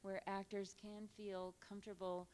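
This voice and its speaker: Animated woman telling an onstage story. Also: mid-range voice, normal speed, slight background noise. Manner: animated storyteller, acts out quotes, swears, laughs often. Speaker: film director, guest. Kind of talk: onstage conversation, anecdotes. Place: cinema stage at a live event.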